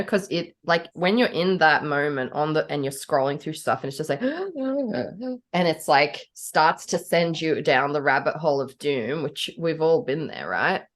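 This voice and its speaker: A woman from a Commonwealth country co-hosting a podcast in casual chat, giggly and animated, often slipping into playful voices. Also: low voice. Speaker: podcast co-host.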